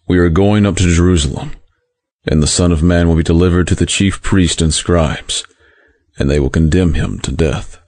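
A man playing Jesus in a dramatized scripture reading, speaking in a measured, solemn, grave way. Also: sits low, a little mellow, no room sound. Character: Jesus, calm authoritative male teacher. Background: music underneath.

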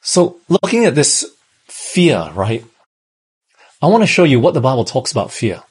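A man who grew up in Australia preaches a sermon. His voice is very husky and rough, at an ordinary pitch for a man. He talks in a conversational way and keeps turning to the listeners with questions. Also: big pitch swings, normal speed.

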